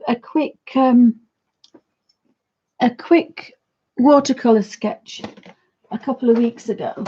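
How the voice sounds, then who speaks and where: A woman in her fifties, hosting an art livestream from her home studio, chatting in a rambling, friendly way with a croaky voice. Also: fairly high pitch, dark tone, dull audio, a little hiss or hum. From United Kingdom. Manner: chatty, rambling, talks fondly to her dog. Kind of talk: casual chat to viewers and pets.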